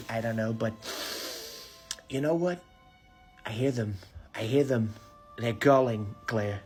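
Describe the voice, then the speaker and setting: A man's voice: medium pitch, slightly rough. A man playing a smug, rambling male cannibal killer in a comedy sketch, repeating filler phrases over and over. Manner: rambling, keeps saying "quite frankly" and "okay".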